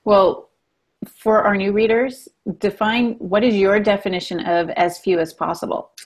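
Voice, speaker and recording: A woman's voice: medium pitch, steady tone, a little slow. A woman with a mid-range voice asks inquisitive follow-up questions on a writing podcast. She speaks casually and leads the conversation with her questions. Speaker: podcast co-host.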